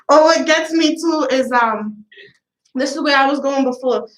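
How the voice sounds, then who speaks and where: A woman hosts a casual podcast among friends, her voice sitting a bit high. She is high and a little out of breath, and tells stories in a loose, profane way full of laughter. The room around her is echoey. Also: fairly bright tone. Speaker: podcast host. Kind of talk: casual chat.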